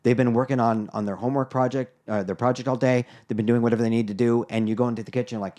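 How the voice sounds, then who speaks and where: A man's voice: medium pitch, fairly even intonation, rapid-fire, hardly any pauses, warm tone. A man co-hosting a podcast, talking casually and telling stories in a reflective way with frequent fillers. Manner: storytelling, reflective, many fillers. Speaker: podcast co-host. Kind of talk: casual chat.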